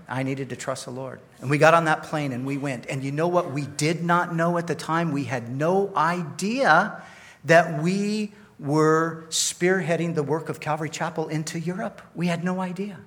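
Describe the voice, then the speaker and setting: A male pastor tells a personal story in a sermon. He talks in a conversational, self-deprecating way and often repeats phrases. His voice sits slightly high for a man. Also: fairly bright tone.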